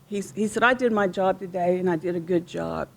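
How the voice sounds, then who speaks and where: A middle-aged police widow with a lowish, creaky voice talks fairly quickly while sharing personal stories about her fallen husband. The setting is an outdoor remembrance gathering, and her speech is rambling, heartfelt and full of restarts.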